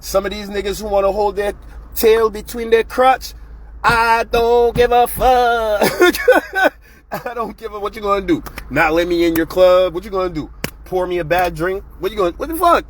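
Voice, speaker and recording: A man's voice: sits high, lively intonation, moderate pace, a little hiss or hum. A man hosting his own show, ranting bluntly and profanely in a casual, fired-up monologue. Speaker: show host.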